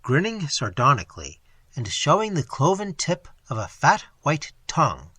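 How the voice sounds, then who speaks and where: A man reading a fantasy story aloud with an expressive, theatrical delivery. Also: on the high side, moderate pace, slightly rough, no room sound.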